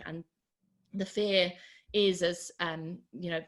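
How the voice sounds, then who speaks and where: A woman's voice: lowish voice, steady tone, slow pace, long pauses. A woman lecturing on a novel, talking in a discursive way with many ums and you-knows. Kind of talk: literature lecture with read-aloud quotes. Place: online talk.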